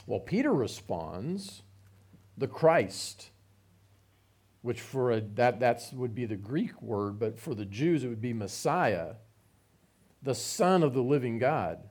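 A man's voice: mid-range voice, big pitch swings, slow, darkish tone, husky. A man giving a conversational Bible teaching, reading passages aloud and explaining them with informal asides.

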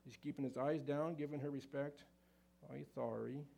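A man's voice: a little high, little pitch movement, a little fast, a little mellow. A man speaking to a live audience at a marriage seminar, folksy and conversational, with frequent fillers and restarts.

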